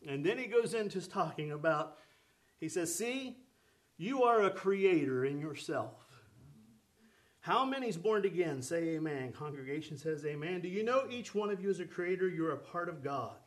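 A man with a fairly high voice preaching with fervent energy. He calls out questions and affirmations to his congregation as he drives his sermon along. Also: animated, a little fast.

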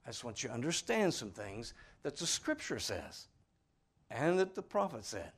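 A man preaching a sermon in a folksy, earnest way, swinging from loud stressed words to quiet asides. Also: medium pitch, very animated, moderate pace, husky. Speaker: father.

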